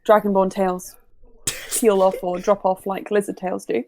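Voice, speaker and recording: A woman's voice: mid-range voice, level tone, normal speed, dark tone, slight background noise. A woman with an English accent, narrating and running a tabletop game in an easygoing, laughing way. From United Kingdom. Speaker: game master.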